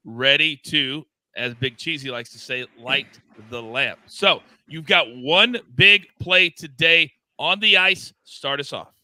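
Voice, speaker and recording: A man's voice: mid-range voice, sharp tone, no room sound. A man hosting a live sports betting show, bantering with his co-hosts and reading the chat. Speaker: show host.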